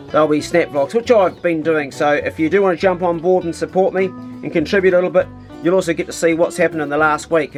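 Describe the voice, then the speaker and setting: Easygoing New Zealand man vlogging. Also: fairly high pitch. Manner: relaxed, chatty, easygoing with slang. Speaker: vlogger host. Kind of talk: casual vlog chat to camera.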